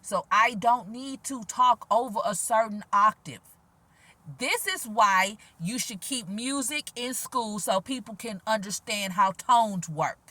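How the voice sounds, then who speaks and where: A woman vlogging outdoors in a quiet, gentle voice, talking casually with sass and frequent laughs. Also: a little high, measured pace, dry recording. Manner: animated, sassy, laughs often, soft-spoken. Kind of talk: casual spiritual vlog monologue.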